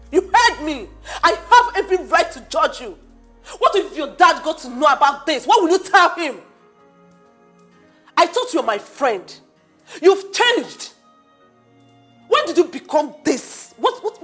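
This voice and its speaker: A disappointed young woman scolding her friend. Her voice is high and lively, full of disbelief. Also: measured pace, pauses often, faint music behind, full character voice. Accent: Nigerian. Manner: scolding, incredulous.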